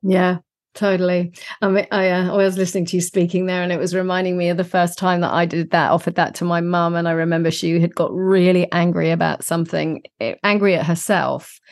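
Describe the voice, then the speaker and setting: A woman hosts a relaxed podcast conversation in a low-pitched voice. She speaks earnestly and affirmingly, sharing reflections in a gentle, unhurried way. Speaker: podcast host. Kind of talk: casual conversation.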